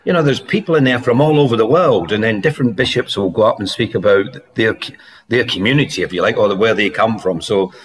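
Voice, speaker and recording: Man, lowish voice, lively storyteller, chuckling as he talks, podcast guest. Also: fast talker. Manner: lively, laughs through his stories. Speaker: podcast guest, former footballer. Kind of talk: anecdotal storytelling.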